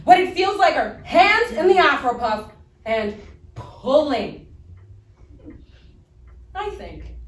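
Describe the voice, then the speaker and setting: A woman reading first-person stories aloud in a readers theater performance, animated and playful, heard from a distant mic on a roomy stage. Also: high voice, slow pace, long pauses, slight background noise.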